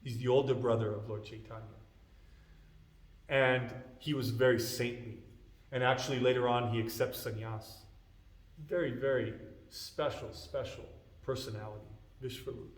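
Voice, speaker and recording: A man telling a scripture story to a class, animated and acting out the characters. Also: mid-range voice, normal speed. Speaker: class speaker. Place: temple hall. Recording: echoey hall.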